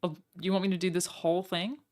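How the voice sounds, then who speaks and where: A young woman streaming from home, chatting casually and joking at her own expense, with quick asides to her chat. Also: on the low side, level tone, a little mellow. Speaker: streamer reacting to a broadcast.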